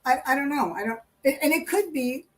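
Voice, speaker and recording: A woman's voice: high voice, lively intonation, a little fast, a little hiss or hum, low-quality recording. A woman giving a live tarot reading in casual, rambling chat, laughing often. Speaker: tarot reader and co-host.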